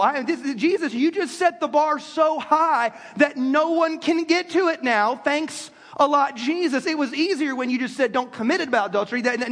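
A man's voice: very high voice, a bit bright, in a large hall, pitched above the performer's own voice, full character voice. A man acting out a frustrated listener who complains in a whiny, incredulous way. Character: exasperated male listener complaining to a teacher.

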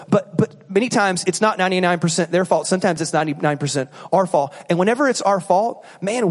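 A man preaching a sermon in a church, animated and joking, acting out examples as he teaches. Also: sits high. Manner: animated, joking, acts out bad apologies. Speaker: pastor. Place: church auditorium. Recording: long reverb of a large hall.

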